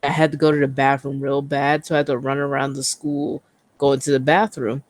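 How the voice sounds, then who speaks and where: Woman, podcast co-host, relaxed and casual, swears freely. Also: extremely low pitch, fairly quick, no echo. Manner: laid-back, swears casually while telling a story. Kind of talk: casual chat.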